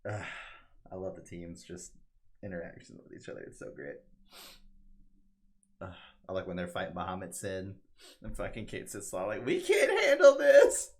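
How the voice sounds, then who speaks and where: Very deep-voiced man, casual chat. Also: steady tone, normal speed, long pauses. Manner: enthusiastic, profane, acts out quotes loudly. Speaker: co-host explaining the story.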